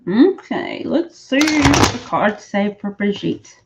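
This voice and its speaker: A chatty woman lays out tarot cards on a live stream, talking in a loose, rambling way and correcting herself as she goes. Her voice sits at a middle pitch. The stream audio is dull and lo-fi. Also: expressive, slow, heavy background noise. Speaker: psychic reader. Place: back room of a shop.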